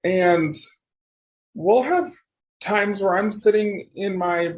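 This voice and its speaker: A podcast guest, a man with a notably high voice, tells stories in a loose, animated way. He wanders through his sentences, restarts them and trails off. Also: slow pace, slight background noise. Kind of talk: casual storytelling conversation.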